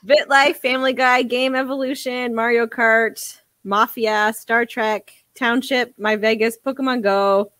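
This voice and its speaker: A woman's voice: on the high side, steady tone, unhurried, few pauses, a bit bright, dry recording. A young woman co-hosting a podcast, chatting casually in a giggly, self-mocking way. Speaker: podcast co-host. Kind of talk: casual chat.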